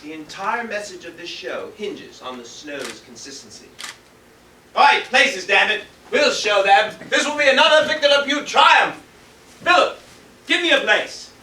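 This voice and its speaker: A man acting a vain, pompous stage director with a theatrical, shouty manner, recorded far off in an echoey hall. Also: sits high, animated, a little slow, heavily acted. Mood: grandiose. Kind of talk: amateur stage comedy acting. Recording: echoey stage from a distant mic, faint hiss.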